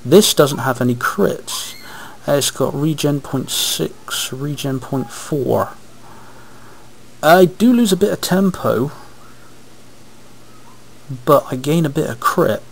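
A man's voice: a little high, slow, gravelly, long pauses, poor audio. A man giving rambling, casual commentary over his gameplay, talking to himself, recorded on a webcam microphone. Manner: rambling, chatty, talks to himself while playing. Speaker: let's play host.

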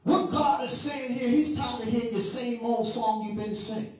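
A man's voice: very high voice, normal speed. A man preaching a sermon with fervour, moving between sing-song chanting and joking asides to the congregation. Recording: echoey room from far off with music. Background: music.

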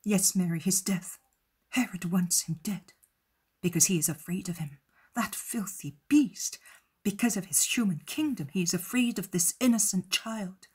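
A woman voicing Joseph, a protective, steady grown man, in a soft breathy voice. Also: fairly low pitch, moderate pace. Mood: resolute.

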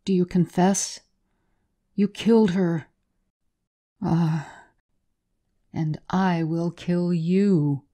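A woman doing a brooding, furious son who hurls accusations at his mother. The voice sits low and unhurried, mellow in tone, with a hard, fierce edge to each line. It reads as a storybook confrontation. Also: fairly even intonation. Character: enraged grown son, bitter and brooding.

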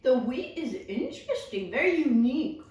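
A woman's voice: sits high, very animated, normal speed, a little mellow, highs cut off. A woman co-hosting a casual snack taste-test, upbeat and chatty, exclaiming at the flavors. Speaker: co-host of a snack tasting video. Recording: very echoey room, mic far off, faint noise.

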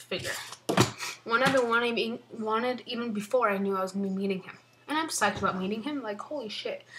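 A young woman chatting excitedly in a casual unboxing vlog from her bedroom, rambling, swearing often and sometimes whispering. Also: medium pitch, a little hiss or hum. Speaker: vlogger.

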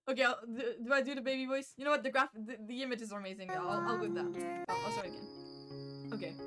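A woman live-streaming a video game, chatting casually with her viewers in a playful, giggly, self-mocking way and reacting loudly to the screen. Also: high-pitched, fairly quick, long pauses, music in the background. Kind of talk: casual live-stream chat while gaming.

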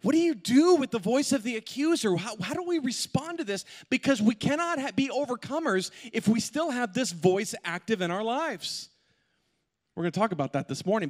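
Man, pastor, high voice, animated storyteller, big church reverb. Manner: animated storyteller, jokey asides to the congregation. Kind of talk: sermon with humorous personal story. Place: large church auditorium. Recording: long hall reverb.

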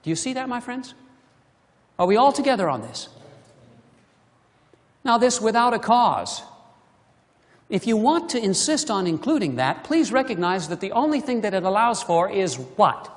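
A preacher delivering a sermon, with emphatic delivery and many rhetorical questions to the congregation, swinging between loud emphasis and hushed asides. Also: mid-range voice, very animated, moderate pace, pauses often. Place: church sanctuary. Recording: long reverb of a church hall.

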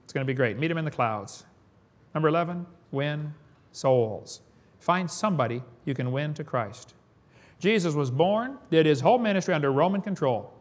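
A man's voice: on the high side, expressive, moderate pace. A man preaching a sermon, telling folksy stories with chuckles.

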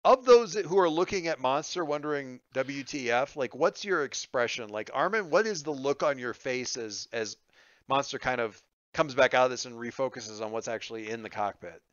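Man with a smooth voice running a game. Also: mid-range voice, expressive, moderate pace, no room sound. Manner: rambling, hesitant, lots of fillers. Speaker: game master. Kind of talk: narrating a tabletop game. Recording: muffled dry lo-fi recording.

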